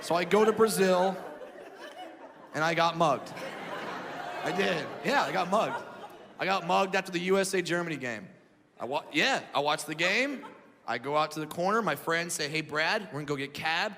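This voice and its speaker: A man doing stand-up comedy, telling stories in a loud, animated way. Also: high-pitched, normal speed, vocal fry, pauses often. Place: live comedy venue. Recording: echoey hall with loud crowd noise.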